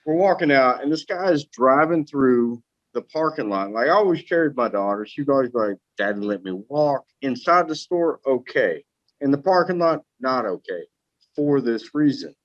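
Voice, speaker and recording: A man's voice: medium pitch, normal speed, no room sound. Profane, storytelling man, dry dull sound. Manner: profane, animated anecdote telling. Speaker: guest. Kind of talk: casual storytelling on a podcast.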